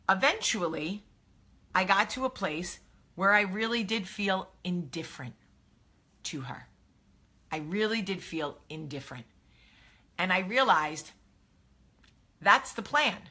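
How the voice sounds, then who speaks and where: A bright, clear-toned woman in her thirties hosts a casual live stream, speaking candidly and animatedly into a phone or webcam. Her pitch sits in an ordinary middle range. She talks frankly, like she is sharing personal advice with friends. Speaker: host of a live video show. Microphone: phone or webcam, live video.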